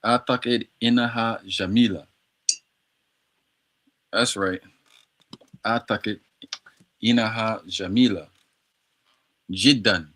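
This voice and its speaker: A man's voice: on the low side, fairly even intonation, slow pace, pauses often, a bit bright. A man on a casual livestream practicing Arabic words, repeating them over and over in a slangy, playful way. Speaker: streamer learning Arabic.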